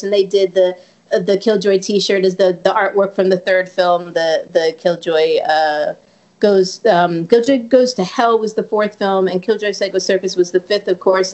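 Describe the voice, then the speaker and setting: A woman's voice: mid-range voice, darkish tone. A woman being interviewed as a guest actress, chatting casually and rambling, swearing freely and leaning on filler words. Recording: dull lo-fi audio.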